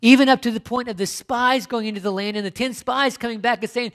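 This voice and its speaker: A man's voice: very high-pitched, quick pace, hardly any pauses, fairly bright tone. Middle-aged man, pastor preaching, emphatic, rhetorical questions, stop-and-start phrasing. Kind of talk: sermon.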